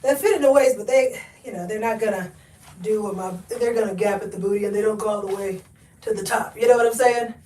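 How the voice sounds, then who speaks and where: A woman hosting a live thrift haul, chatty and expressive, talking to viewers and sniffly from allergies. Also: mid-range voice, quick pace, far from the mic, a little hiss or hum. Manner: chatty and expressive, talks to viewers, laughs often. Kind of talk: live-stream haul chat. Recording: echoey room, mic set back.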